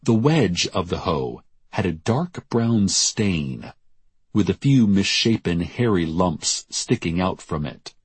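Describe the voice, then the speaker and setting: A man narrating a novel as an audiobook in a measured, deadpan storytelling manner. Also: deep voice, slightly rough, dry recording.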